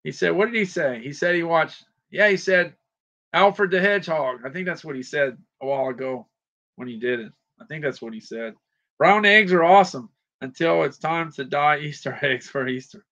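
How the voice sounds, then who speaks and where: A man's voice: on the high side, normal speed, a bit bright, lo-fi sound. A man hosting a casual livestream, rambling, repeating himself and greeting viewers by name. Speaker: livestream shopping host.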